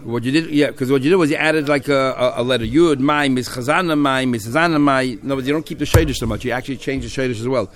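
A man's voice: medium pitch, fast, hardly any pauses. Man teaching a Talmud class. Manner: explains in a Yeshivish mix of Hebrew and Aramaic terms with English, with many restarts.

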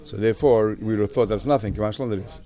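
A man teaching a Talmud class, quickly quoting Aramaic and Hebrew phrases and glossing them in English. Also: on the low side, warm tone.

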